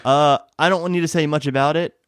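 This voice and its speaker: A man's voice: on the high side, steady tone, fairly quick, clear, resonant tone, no room sound, studio quality. A man co-hosting a casual podcast, chatty and rambling, with plenty of fillers. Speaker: podcast co-host. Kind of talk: casual chat.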